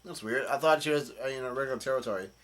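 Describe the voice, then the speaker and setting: A man's voice: mid-range voice, racing, a bit bright. A man casually recapping a comic chapter, rambling with many fillers and restarts. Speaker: channel host.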